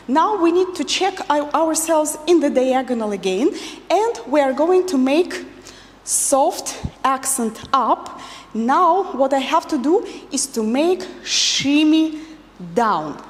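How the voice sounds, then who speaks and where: High, lively woman teaching dance. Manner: counts beats and gives instructions. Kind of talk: instructional dance class. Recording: long reverb with faint music.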